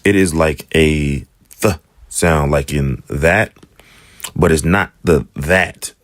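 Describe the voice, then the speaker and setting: Very deep-voiced man teaching slowly. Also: no echo. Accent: African American English. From United States. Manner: repeats sounds slowly, drawn-out demonstrations. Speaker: Hebrew teacher. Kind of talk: casual alphabet lesson.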